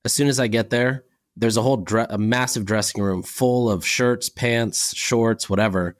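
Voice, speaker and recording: A man co-hosting a podcast in casual chat, telling relaxed stories and acting out quoted exchanges. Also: mid-range voice, moderate pace. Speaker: podcast co-host.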